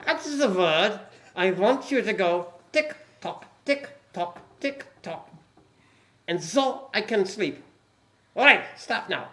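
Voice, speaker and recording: A man's voice: sits high, lively intonation, slow, heavily acted. A man putting on a German accent to play an angry prison camp commandant in a joke. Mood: commanding. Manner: shouting in a mock German accent. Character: barking German prison camp commandant, male, middle-aged, furious.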